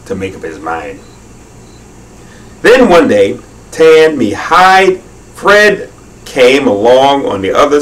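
A man reading a children's story aloud in a leisurely way, drawing out his phrases, heard from a distance. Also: lowish voice. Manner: unhurried, with leisurely drawn-out phrasing.

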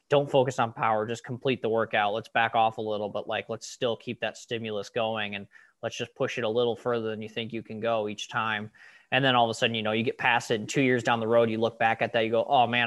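A man's voice: medium pitch, a bit bright, no echo. A young man who coaches cyclists, chatting on a podcast over a video call and filling his talk with "like" and "you know". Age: young adult. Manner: rambling, full of "like" and "you know". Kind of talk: casual podcast chat.

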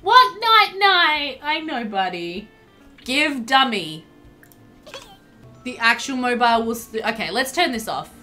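A woman's voice: fairly high pitch, expressive, measured pace, long pauses, bright, forceful tone. A young woman streaming a life-sim game, commenting as she plays and scolding the characters on screen in exasperation. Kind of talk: live gameplay commentary. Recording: faint game music underneath. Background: faint game music.

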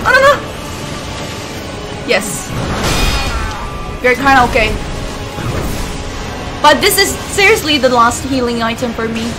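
A woman streamer giving loud, frantic gameplay commentary, yelling and swearing as she plays. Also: on the high side, animated, measured pace, long pauses. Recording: game music behind the voice.

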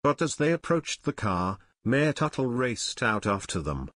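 A man narrating an audiobook in a clear, expressive storytelling way. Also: medium pitch, measured pace, no echo, studio quality. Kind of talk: scripted narration.

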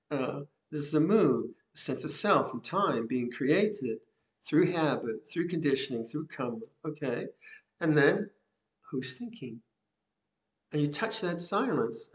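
Older man, Buddhist teacher, unhurried reflective sermon, soft chuckles, slightly raised pitch. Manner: gentle, reflective, with soft laughs and repeated phrases. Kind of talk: Dhamma talk. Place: monastery hall.

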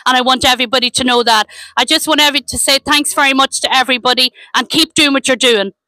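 A woman's voice: sits high, fairly even intonation, fast talker, pushed and bright, no room sound, low-quality recording. An Irish woman from Dundalk giving an impassioned, defiant rally speech, repeating her points. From Ireland (Dundalk). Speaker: rally speaker.

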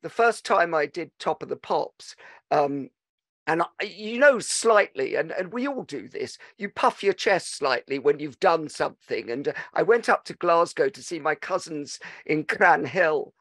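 A man's voice: on the high side, animated, measured pace, a bit bright, no room sound, studio quality. A man hosting a podcast, chatting casually and telling anecdotes with frequent restarts. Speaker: podcast host. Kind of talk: casual interview chat.

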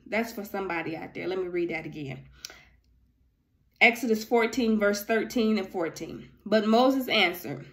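A woman's voice: mid-range voice, animated, measured pace. A woman reading a Bible passage aloud and breaking off into casual, ad-libbed commentary. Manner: conversational, ad-libbing asides between verses. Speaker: Bible teacher.

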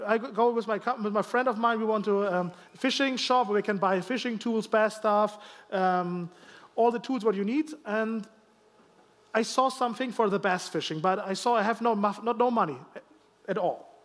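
A man from Germany with a German accent, a guest pastor preaching in halting English with self-deprecating humor and many restarts. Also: sits high, a bit bright. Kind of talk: sermon with personal stories. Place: church sanctuary.

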